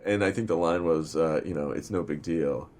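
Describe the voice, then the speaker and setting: A film director talking in a casual interview, rambling and swearing freely, with lots of fillers. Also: male voice, extremely low pitch, normal speed, darkish tone. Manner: rambling and profane, full of fillers.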